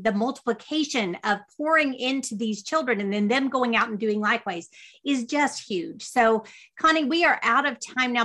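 A woman's voice: a little high, a bit bright. A woman hosting a homeschooling podcast, affirming her guest and wrapping up the interview. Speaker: podcast host.

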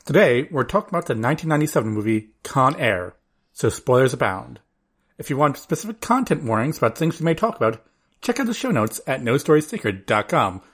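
A man's voice: mid-range voice, sing-song, fairly quick, a bit bright, husky. A man co-hosting a podcast in a casual chat, rambling with plenty of restarts. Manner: rambling with many restarts and fillers. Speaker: podcast co-host.

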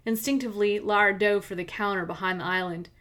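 A woman hosting a podcast, reading a mystery story aloud in steady, evenly paced scripted narration. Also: mid-range voice, fast. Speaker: podcast host and author-narrator.

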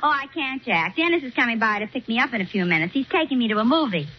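A woman's voice: a little high, fast talker, husky. Wisecracking woman in vintage radio comedy. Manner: wisecracking, deadpan punchlines. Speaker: comedy show regular. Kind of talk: 1940s radio comedy acting. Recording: dull vintage radio recording with hiss.

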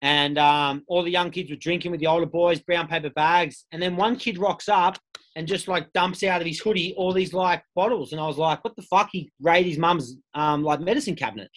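Candid Australian man, higher voice. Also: fairly even intonation, brisk, a bit bright. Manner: candid, rambling, swears freely, many fillers. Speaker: guest. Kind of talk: casual interview storytelling.

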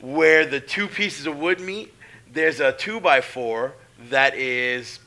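A man's voice: medium pitch, slow pace. A middle-aged man, a professional wrestler, telling stories in casual, profane talk and acting out the voices in them. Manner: profane, animated, acts out voices. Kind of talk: casual storytelling.

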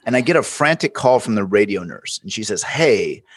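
A man's voice: lowish voice, fast talker. A man hosting a medical podcast as an emergency physician, telling a story and acting out the dialogue. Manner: lively storyteller who acts out quoted dialogue. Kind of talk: casual medical podcast chat and anecdote.

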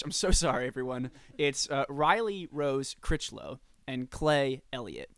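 A man's voice: mid-range voice, animated, measured pace, a bit bright, clear, resonant tone. A man hosting a casual interview, cracking puns and playful asides. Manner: punning, playful patter. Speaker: podcast host.

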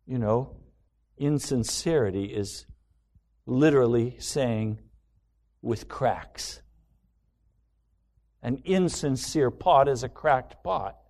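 A man preaching a sermon, slow and deliberate, with dramatic rhetorical questions and voiced asides. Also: medium pitch, darkish tone. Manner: dramatic, mimics inner voice of self-love.

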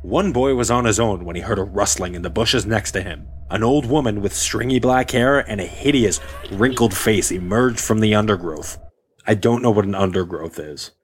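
A man's voice: fairly low pitch, normal speed, slight background noise. A man hosting a casual podcast and reading a story aloud with playful humor. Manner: playful, laughs often. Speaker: podcast host.

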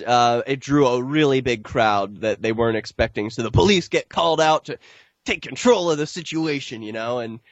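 A man, an activist filmmaker, telling stories in a casual podcast interview, getting animated and jumping up in pitch when he quotes people. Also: dry recording, highs cut off. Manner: animated storytelling, pitch jumps when quoting others.

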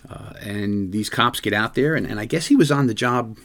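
A man's voice: fairly low pitch, moderate pace, gravelly, fairly bright tone. A man who hosts a podcast and is a police detective, telling a story in an earnest, rambling way with many restarts. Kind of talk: conversational storytelling.

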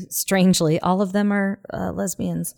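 Her voice is fairly low, creaky and darkish, with a flat delivery and measured pace. As a podcast co-host with a Southern accent, she talks casually and earnestly, occasionally dropping to a whisper.

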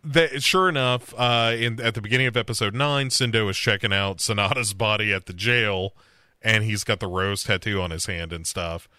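A man's voice: lowish voice, normal speed, sharp tone, no room sound, clean studio sound. A man co-hosting a podcast, casually retelling a TV episode in a rambling way, acting out lines as he goes. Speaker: podcast co-host. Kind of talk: casual recap chat.

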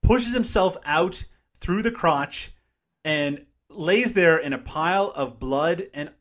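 A man's voice: fairly high pitch, animated, slow pace, a bit bright. Chatty man recapping a film. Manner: chatty, laughs often, recaps scenes. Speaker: podcast co-host. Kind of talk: casual movie-review chat.

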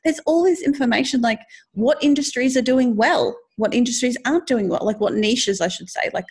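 A woman's voice: fairly high pitch, a little fast, breathy edge. A woman co-hosting a casual podcast chat, talking with enthusiasm and firing off rhetorical questions. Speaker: podcast co-host.

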